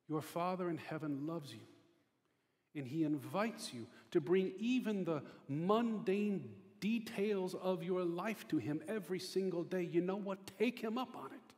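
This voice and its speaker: A man's voice: sits high, measured pace, darkish tone. A male pastor preaching a sermon with an emphatic, repetitive cadence. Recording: long reverb of a large hall.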